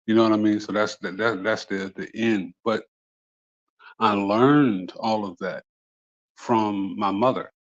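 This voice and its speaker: A man's voice: fairly low pitch, steady tone, unhurried, muffled recording. A man speaking as a panelist over a video call, conversational, with frequent "you know" and restarts. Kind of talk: casual panel discussion.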